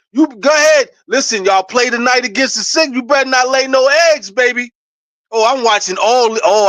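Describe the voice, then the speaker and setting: A man gives excited, casual basketball commentary straight to his viewers. He is animated and hyped, and breaks into laughs and shouts. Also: very high voice, dry recording. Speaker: sports commentator vlogger.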